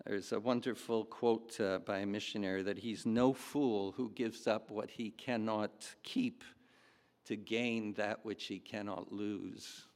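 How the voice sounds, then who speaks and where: A man's voice: fairly low pitch, steady tone, measured pace, darkish tone. A man preaching a sermon in a chatty, storytelling way with fillers and asides. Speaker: pastor. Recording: long hall reverb.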